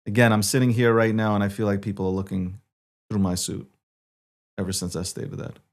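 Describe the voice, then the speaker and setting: A man's voice: on the low side, level tone, fairly quick. Male host from New York, punchy and repetitive, rides the volume up and down. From New York City. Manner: emphatic, repetitive, swings loud and soft. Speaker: show host. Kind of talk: opinionated political commentary.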